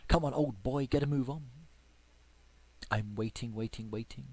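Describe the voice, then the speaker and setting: A man giving chatty gameplay commentary, playfully excited, with squeals of delight and sudden whispers. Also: mid-range voice, moderate pace, pauses often. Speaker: game video creator.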